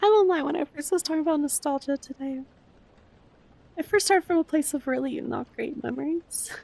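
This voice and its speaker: A woman streamer chatting casually with her viewers, soft-spoken and emotional, with frequent swearing. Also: high-pitched, fairly quick, vocal fry. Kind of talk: casual live-stream chat.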